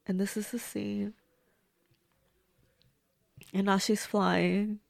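A woman gives a casual movie reaction, talking back at the screen with blunt, gushing remarks. Her voice is gravelly and she takes her time over each comment. The recording is close and dry. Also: mid-range voice, level tone, drawn-out words, dry recording. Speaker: movie reviewer.

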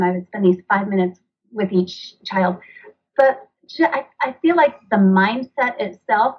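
A woman's voice: mid-range voice, breathy edge, muffled recording. A woman in her thirties, a mother and author, talking earnestly as a podcast guest, rambling a little as she explains. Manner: earnest, rambling, acts out dialogue. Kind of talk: conversational interview.

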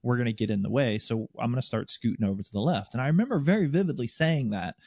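A man with a mid-pitched voice recalls a flight, explaining carefully and restarting his sentences. the recording is dry and close, with dull, lo-fi audio. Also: animated, quick pace, darkish tone, husky, no echo. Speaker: former Apache pilot. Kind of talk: casual storytelling in a group interview.

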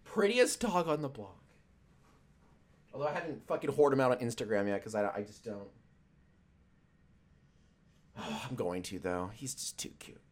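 A man's voice: mid-range voice, lively intonation, moderate pace, pauses often. A young man chatting loosely on a stream, swearing often and rambling between jokes. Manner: profane, loose and joking, with many fillers. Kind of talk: casual rambling chat.

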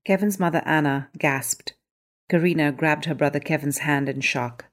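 A woman narrating her own short story in an even, clear storytelling manner. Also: low-pitched, normal speed. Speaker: story author and reader. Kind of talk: scripted narration.

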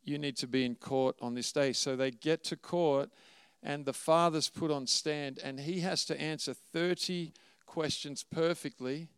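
A man's voice: a little high, fairly even intonation, unhurried, hardly any pauses, smooth, dry recording. A man preaching a sermon and telling a story with rising emotion, at times close to tears. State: tearful at times. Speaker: pastor.

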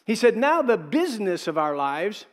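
A man's voice: high voice, very animated, normal speed, long reverb tail. A middle-aged male pastor preaching a sermon in a conversational way, acting out quotes and adding asides.

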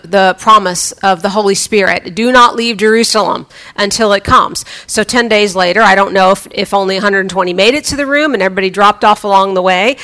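Bright-voiced woman preaching a chatty sermon. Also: medium pitch. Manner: chatty and humorous, with frequent restarts. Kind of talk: conversational sermon.

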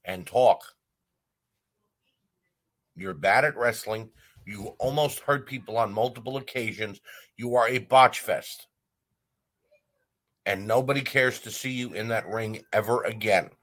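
Casting: male wrestling podcast host, lowish voice, blunt and heated, ranting opinions. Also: unhurried, fairly bright tone. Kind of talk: opinionated commentary rant.

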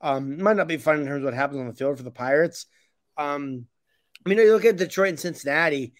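A man's voice: fairly high pitch, fast talker, no room sound, clean studio sound. A man co-hosting a casual sports podcast, opinionated and blunt, rambling with restarts. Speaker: podcast co-host.

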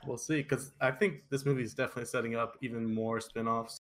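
A man's voice: mid-range voice, fairly even intonation, fast talker, a bit bright. A man co-hosting a casual movie review podcast, talking through scenes and fan theories in an easy, chatty way. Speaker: podcast co-host.

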